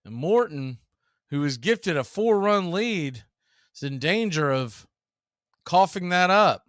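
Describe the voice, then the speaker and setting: A man doing live baseball play-by-play into a close, dry microphone. His voice sits a touch high and rings bright. He paces the call evenly, counting balls and strikes and tossing in dry jokes. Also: smooth, no room sound. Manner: measured, calls each pitch and count, dry quips. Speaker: play-by-play announcer.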